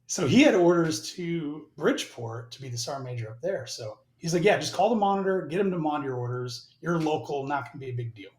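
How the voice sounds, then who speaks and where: A man in his forties tells a story as a podcast guest, casual and salty, jumping between his own lines and the other person's. His voice sits a little high for a man. The room has a noticeable echo. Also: fast, few pauses. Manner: animated, profane, mimics both sides of conversations. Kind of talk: casual storytelling with acted-out dialogue. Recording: roomy echo.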